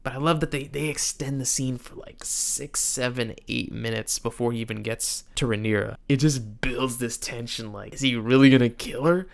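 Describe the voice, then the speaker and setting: A man's voice: medium pitch, normal speed, creaky, hardly any pauses. A young man hosting a casual reaction video, joking and laughing often as he comments.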